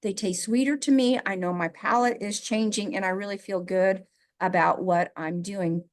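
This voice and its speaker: A woman's voice: medium pitch, steady tone, moderate pace. Middle-aged woman, podcast co-host, from the Midwest, emotional, laughs while talking. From American Midwest. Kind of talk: casual podcast conversation.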